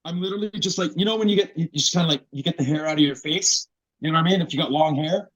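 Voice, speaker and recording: Animated swearing man telling a story. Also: a little high, rapid-fire, no echo. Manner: animated, swears a lot, acts out quotes loudly. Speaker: podcast guest. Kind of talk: casual storytelling. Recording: dry, dull lo-fi podcast audio.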